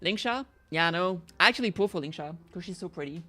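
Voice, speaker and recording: A woman's voice: fairly low pitch, expressive, fast talker, pushed and bright. A woman with a French accent, chatting casually and swearing freely while she plays a game. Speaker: streamer playing a game. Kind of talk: casual gameplay commentary.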